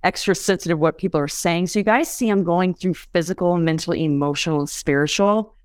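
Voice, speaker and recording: A woman guesting on a podcast explains things conversationally, constantly checking in with "you guys" and "does that make sense." Her lowish voice is clear and resonant, she talks a little fast, and the recording has no room sound.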